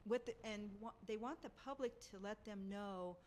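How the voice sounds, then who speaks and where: A woman guest on a radio interview explaining public parks workshops in a steady, informative way. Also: mid-range voice, moderate pace, slight background noise. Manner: informative, steady, uses fillers. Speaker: guest from a parks and recreation agency.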